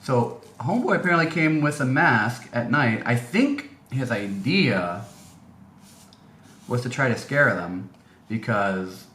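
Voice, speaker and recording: A man's voice: medium pitch, lively intonation, slow, fairly bright tone. A man telling a story casually as a vlogger, rambling with many fillers and restarts. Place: indoor room. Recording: echoey room, faint noise.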